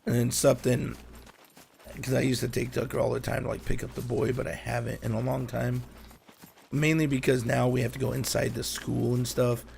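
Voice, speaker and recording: A man with a very gravelly, creaky voice talks casually with a friend, rambling along and swearing freely. He laughs often between thoughts. There is a faint hiss of noise behind him. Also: medium pitch, little pitch movement, fairly quick, a little mellow. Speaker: gamer chatting with a friend. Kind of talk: casual chat.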